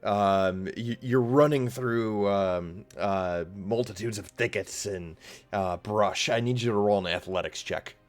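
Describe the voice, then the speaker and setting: Low-voiced man running a tabletop game. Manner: halting, many fillers. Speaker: game master.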